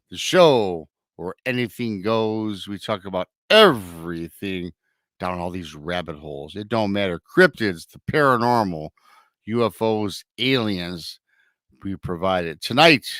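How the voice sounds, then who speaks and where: A man's voice: fairly low pitch, a bit bright, no room sound. A man hosting a live podcast show, running through upbeat promotional announcements in a casual, loose way. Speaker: podcast host.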